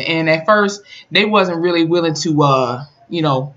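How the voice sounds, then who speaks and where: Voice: mid-range voice, a little slow, a bit bright, highs cut off. A YouTuber recapping and reviewing a TV episode in a casual, colloquial way, telling the story with lots of emphasis. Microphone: camera mic.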